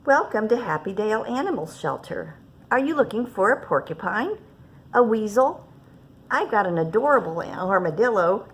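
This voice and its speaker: A woman's voice: mid-range voice, very animated, normal speed, a bit bright. A woman reading aloud and voicing a male animal shelter keeper who eagerly pushes odd pets. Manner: eager salesman patter.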